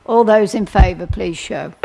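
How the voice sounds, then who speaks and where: A woman's voice: mid-range voice, gravelly, warm tone. Woman mayor chairing a council meeting. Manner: procedural, measured, with fillers.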